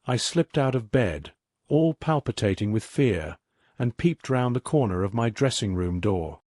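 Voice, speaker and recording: A man narrates a classic mystery as a sleep story, in a measured, even reading. His mid-range voice is recorded close and dry, with no room sound. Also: mid-range voice, no room sound. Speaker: audiobook narrator.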